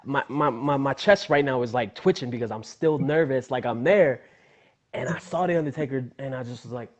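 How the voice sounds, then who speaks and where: A man's voice: mid-range voice, moderate pace. A young adult man, a wrestler, telling a story in a casual interview and acting out the voices in it. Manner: animated storyteller, acts out his own voice and others in quotes. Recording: dull lo-fi sound.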